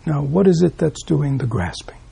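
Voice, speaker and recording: A man's voice: on the high side, lively intonation, normal speed, gravelly, mellow, slightly rough. A man giving a Buddhist dharma talk, asking rhetorical questions and tagging "right?" onto his points with small chuckles. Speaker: Buddhist teacher.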